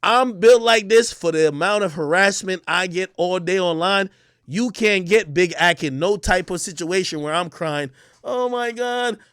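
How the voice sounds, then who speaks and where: A young man from Jamaica rants hard on a livestream, brash, profane and full of bravado. His voice sits high for a man, and the sound is close and dry with no room behind it. He swings from near shouting down to low, fast muttering. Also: clean tone, dry recording. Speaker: livestream host. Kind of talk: heated ranting livestream.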